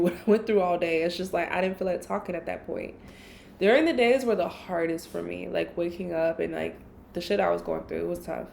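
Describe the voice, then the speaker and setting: A woman hosting a solo podcast, telling a personal story in a blunt, profane, animated way. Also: fairly low pitch, creaky, a little hiss or hum. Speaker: podcast host.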